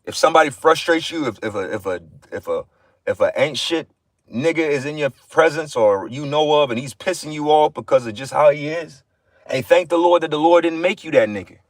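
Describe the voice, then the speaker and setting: A man's voice: fairly high pitch, lively intonation, a little fast, no echo. A man giving an informal livestream sermon, blunt and profane, repeating phrases for emphasis. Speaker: livestream preacher.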